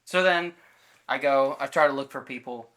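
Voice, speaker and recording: A man's voice: medium pitch, moderate pace, a bit bright. A man co-hosting a podcast in casual chat, telling a story and acting out the quoted lines of everyone in it, with loose fillers and self-corrections. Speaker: podcast co-host.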